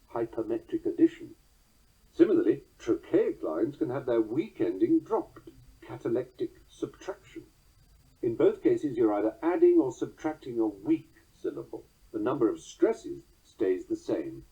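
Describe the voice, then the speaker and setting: A man with a measured, drily wry manner, reading poems aloud and explaining meter as a teacher. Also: mid-range voice, big pitch swings, dark tone, husky, muffled recording. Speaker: poetry teacher. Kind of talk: scripted narration reading verse aloud.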